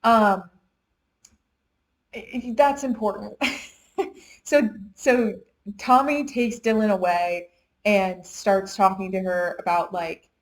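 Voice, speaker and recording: Casual young woman book reviewer, middle pitch, rambling plot recap. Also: fairly even intonation, slow pace, long pauses, low-quality recording. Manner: chatty retelling, heavy use of "like". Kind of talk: casual chat.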